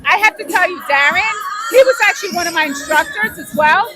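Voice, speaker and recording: A woman with a New York accent talking animatedly in an excited red-carpet interview, music playing behind. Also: very high voice, fast, low-quality recording. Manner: animated, chatty, dramatic emphasis. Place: outdoor red carpet event. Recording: live stream with music behind.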